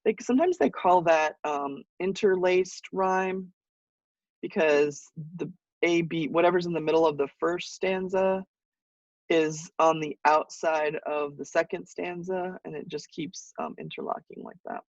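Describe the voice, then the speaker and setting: A man teaching a college poetry class online, explaining in a relaxed way with frequent fillers and restarts. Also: on the high side, a little slow, no room sound. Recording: muffled distant mic.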